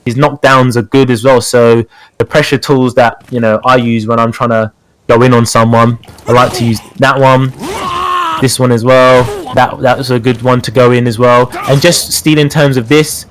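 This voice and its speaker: Speaking at a normal speed in a level, mid-range voice, a man with a British accent chats casually as a guest specialist in a fighting-game tutorial. His talk is heavy with fillers and repeated words.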